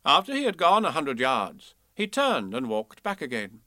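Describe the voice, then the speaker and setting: Guy reading a kids storybook, bright voice, super lively, dry close mic. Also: fairly high pitch, normal speed, no echo. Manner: expressive, playful. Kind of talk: storybook read-aloud.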